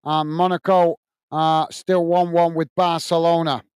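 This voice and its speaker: A man hosts a live football watch-along in a casual, chatty way, greeting viewers and calling the action. His voice is smooth and slightly high. The sound is dry and close to the mic. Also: flat delivery, measured pace, darkish tone, dry recording. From United Kingdom. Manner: chatty, reads out viewer messages, calls play-by-play. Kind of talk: casual live commentary and chat reading.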